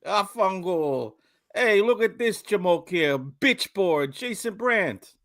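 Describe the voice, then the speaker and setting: A man's voice: sits high, animated, takes it slowly, a bit bright, voice pushed up, full character voice. A man voicing a brash, streetwise Italian-American wiseguy as a comic bit on a podcast. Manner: streetwise, teasing.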